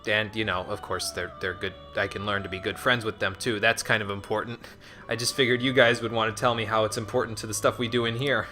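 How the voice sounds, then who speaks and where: Sarcastic bright-voiced male streamer. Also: lowish voice, level tone, quick pace. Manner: sarcastic, joking back at game characters. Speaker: streamer playing a game. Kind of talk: casual let's-play commentary. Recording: voice over game music.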